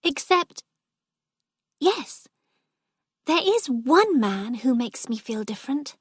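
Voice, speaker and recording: A woman voicing an excited, dreamy young woman with an eager voice that lifts high. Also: slow pace, husky, no echo, studio quality, full character voice.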